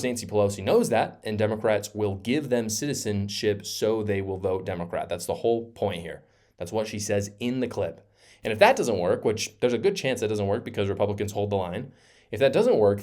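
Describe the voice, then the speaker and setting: A man's voice: lowish voice, dark tone. Fired-up, sarcastic male political commentator. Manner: heated, sarcastic, repetitive emphasis. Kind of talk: opinion commentary vlog.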